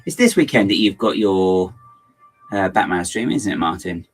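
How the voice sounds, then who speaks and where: A man with a low, husky voice chats away on a casual livestream, muttering to himself and tossing in playful made-up words. His throat keeps bothering him, and faint music plays behind. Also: sing-song, normal speed. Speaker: LEGO builder livestreaming to chat. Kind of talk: casual livestream chat while building.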